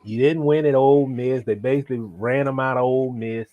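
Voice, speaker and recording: A sports reporter from Florida joins the chat over a slightly dull, muffled line. He talks in a halting way, circling back and restarting his sentences. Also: medium pitch, steady tone. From Jacksonville, Florida. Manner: halting, many restarts and fillers.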